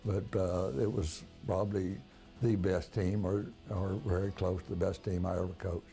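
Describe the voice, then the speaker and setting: An older man, a retired basketball coach reminiscing in a folksy, casual interview with many pauses and restarts. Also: sits low, flat delivery, vocal fry, dark tone, faint music behind. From Texas. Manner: folksy storyteller, frequent "uh" and restarts.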